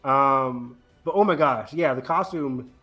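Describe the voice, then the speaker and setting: A man's voice: medium pitch, unhurried, bright, forceful tone. A man hosting a casual podcast chat, talking eagerly with many fillers. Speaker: podcast host.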